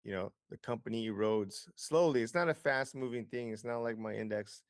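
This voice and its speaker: A man's voice: mid-range voice, fairly quick, no echo, studio quality. A man as an interview guest, explaining investing with lots of figures, fillers and restarts. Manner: explanatory, data-heavy, frequent fillers and restarts.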